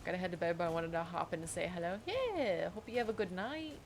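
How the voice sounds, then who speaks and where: Giggly woman streamer, chatty while gaming; slightly low voice, faint noise behind. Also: rapid-fire. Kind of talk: casual chat while gaming.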